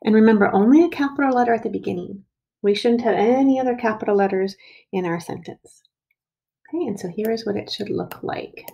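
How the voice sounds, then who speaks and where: A woman teaching children to write a sentence, speaking slowly and patiently and stretching out the sounds of words. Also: medium pitch, creaky, mellow, slightly rough. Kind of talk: early reading and writing lesson.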